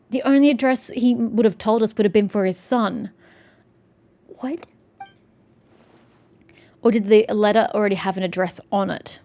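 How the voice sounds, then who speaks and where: A woman's voice: mid-range voice, moderate pace, long pauses, faint music behind. A young woman commentating animatedly while playing a video game, reacting with surprise and laughter. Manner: animated, swears and laughs at the story. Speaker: game streamer. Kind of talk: let's play commentary.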